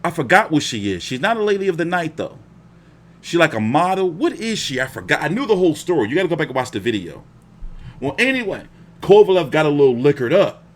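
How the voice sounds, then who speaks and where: A man's voice: on the high side, fast. A young man hosting a boxing live stream, telling stories in casual, profane slang. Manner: profane, animated storytelling with slang.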